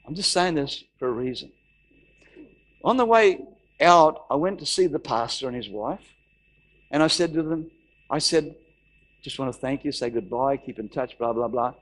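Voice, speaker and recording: A man's voice: medium pitch, normal speed, pauses often. A middle-aged man preaching a sermon, telling a story and acting out the voices of the people in it. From Australia. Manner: animated, acts out quoted voices, repeats phrases. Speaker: pastor.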